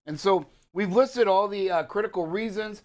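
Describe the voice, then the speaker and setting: A man's voice: sits high, moderate pace. A man hosting a live talk show segment on trucking safety, talking loosely with lots of uh and um. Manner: loose, rambling, many fillers.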